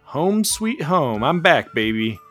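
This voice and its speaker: A man doing a loud, brash joker dad. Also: mid-range voice, expressive, a little slow, soft background music, natural voice. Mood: boisterous. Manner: loud, showy exclamations.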